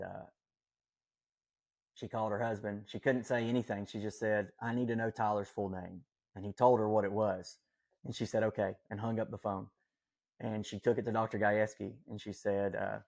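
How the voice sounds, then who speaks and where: A man's voice: fairly low pitch, little pitch movement, moderate pace, gravelly, a little mellow. A man telling a personal story as a podcast guest, earnest and rambling, with many fillers and self-corrections. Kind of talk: casual storytelling.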